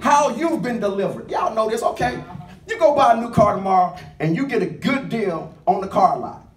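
Male pastor, high voice, lively call-and-response preaching, distant mic in a reverberant sanctuary. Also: normal speed, faint music behind. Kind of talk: sermon. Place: church sanctuary. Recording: echoey church room, mic at a distance. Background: congregation responding with amens.

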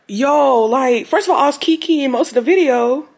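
A woman's voice: high-pitched, expressive, moderate pace, hardly any pauses. A young woman vlogging casually, often laughing and exclaiming in disbelief. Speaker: lifestyle vlogger. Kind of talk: casual vlog chat.

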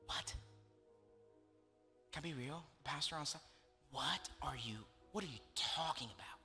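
Young male pastor, slightly high, bright voice, emotional repetitive sermon delivery, reverberant hall. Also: moderate pace, soft background music. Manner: emotional storytelling, repeating phrases for emphasis.

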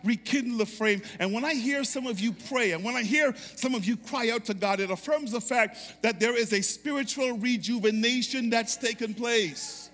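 Guy preaching, high bright voice, fired up call and response, long churchy reverb. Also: moderate pace, hardly any pauses. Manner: fervent call-and-response preaching, repeats phrases. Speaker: pastor. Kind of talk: sermon.

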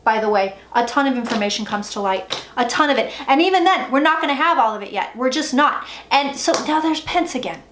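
A woman reads tarot in a rush of excited, emphatic speech, swearing freely as she talks like an auctioneer. Her voice sits a little high. The room gives an echo and a faint hiss underneath. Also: brisk, hardly any pauses. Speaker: psychic tarot reader. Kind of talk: excited tarot reading monologue. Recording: echoey room with faint noise.

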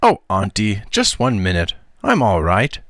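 A man's voice: fairly low pitch, wildly swooping pitch, a little slow, a bit bright, no echo, studio quality, heavily acted. A man voicing a mischievous young boy who talks in a cheeky, coaxing way. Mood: eager.

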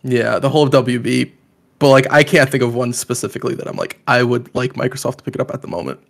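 A man's voice: medium pitch, quick pace, vocal fry. A man co-hosting a casual gaming podcast, easygoing and self-deprecating, often laughing along. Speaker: podcast co-host.

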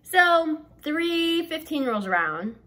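Bright-voiced chatty young woman. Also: high-pitched, takes it slowly. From American South. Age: young adult. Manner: chatty and animated, heavy use of "like". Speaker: vlogger. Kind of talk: storytime vlog.

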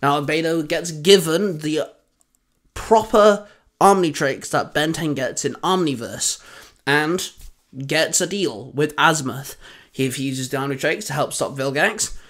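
A man's voice: fairly high pitch, normal speed, fairly bright tone. A man hosting an audio storytelling channel, reading fan fiction aloud with upbeat, dramatic narration.

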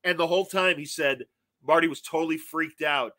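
A man's voice: on the high side, brisk, no room sound. A man in his fifties, a guest telling stories in casual chat and acting out quotes. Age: 50s. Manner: animated storyteller acting out quotes.

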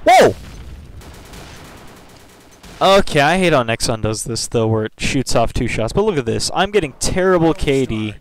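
A man's voice: mid-range voice, lively intonation, brisk, hardly any pauses, low-quality recording. A man giving casual, grumbling commentary over his own gameplay. He gets frustrated easily and keeps apologizing for it. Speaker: gameplay video host. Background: game gunfire and clicks.

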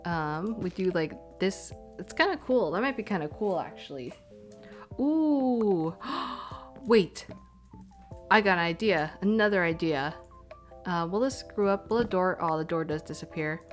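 A woman's voice: lowish voice, expressive, moderate pace, soft background music. Chatty young woman thinking aloud. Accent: Canadian English. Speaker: streamer. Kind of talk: casual live-stream chat while gaming. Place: home room, stepping away from the mic at times. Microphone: desk microphone.

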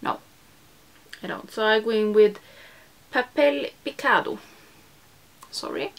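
Speaking slowly with a fairly high pitch and some vocal fry, a young beauty vlogger chats casually during a makeup tutorial. She pokes fun at herself, leans on plenty of fillers, and lowers her voice to soft whispers while doing her makeup.

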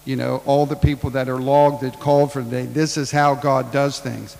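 Man, pastor, sermon, gravelly, acts out dialogue, reverberant hall. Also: medium pitch, little pitch movement, moderate pace, darkish tone. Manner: preaching with acted-out Bible dialogue, rising and falling in volume.

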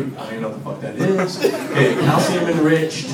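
A man's voice: fairly high pitch, huge pitch swings, a little fast, hardly any pauses. A young man doing a stand-up set at an open mic in a bar and grill, loose and profane and chuckling through his lines. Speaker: comedian. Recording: echoey room from far off, crowd noise.

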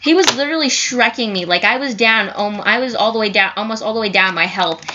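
Young woman, gaming commentary; higher voice, excitable, yells and cusses; muffled mic with a faint hiss. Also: fast talker. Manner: excitable, yells at the screen, frequent cussing. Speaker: gaming youtuber. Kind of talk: casual gameplay commentary.

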